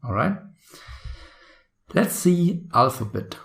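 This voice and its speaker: A man's voice: fairly high pitch, very animated, slow, creaky, fairly bright tone. A man teaching an exam-prep lesson in a chatty way, often checking in with "right?" and "okay?". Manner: chatty, frequent tag questions like "right?" and "okay?". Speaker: IELTS instructor. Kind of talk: recorded online lesson. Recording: echoey room.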